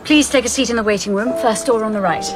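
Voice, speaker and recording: An actress playing a brisk, polite doctor's receptionist. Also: female voice, on the high side, over loud music, natural voice.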